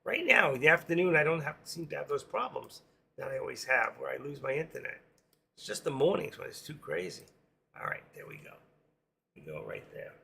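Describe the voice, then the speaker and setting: Man, hoarse, livestream trading host, rambling casual talk, faint hiss behind. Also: a little high, sing-song, fairly quick, bright, forceful tone. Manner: rambling, talks to himself while working charts. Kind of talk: casual live stream commentary.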